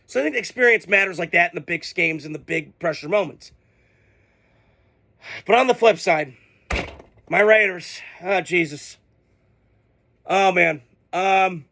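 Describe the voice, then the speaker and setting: Fired-up man with a bright, gravelly voice. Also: high-pitched. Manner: heated, profane, exasperated outbursts. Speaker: sports podcast host. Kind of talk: casual ranting commentary.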